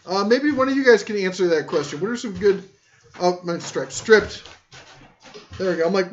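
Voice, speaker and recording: A high-voiced man rambles through a casual tool-talk live stream, cracking jokes at his own expense as he reads chat. The audio is muffled and lo-fi, like a cheap stream mic. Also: expressive, moderate pace. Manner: rambling, joking, self-deprecating. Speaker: tool channel host.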